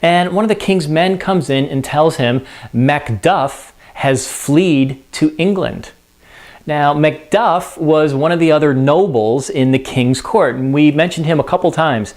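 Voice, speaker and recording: A man's voice: fairly high pitch, unhurried. Casual man explaining a story. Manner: conversational, animated retelling with filler words. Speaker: teacher.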